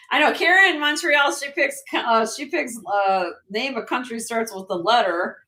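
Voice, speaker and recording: Woman, live sale host, slightly hoarse, higher voice, crisp bright tone, laughs a lot. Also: a little slow. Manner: chatty, laughs often. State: losing her voice. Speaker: host and jewelry seller. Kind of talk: casual live-stream sale chat.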